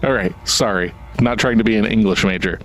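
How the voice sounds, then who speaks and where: A man's voice: fairly low pitch, fairly quick. A man co-hosting a horror movie podcast in casual chat, swearing freely and mock-indignant as he reads a review aloud. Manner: profane, animated, mock-indignant. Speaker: podcast co-host.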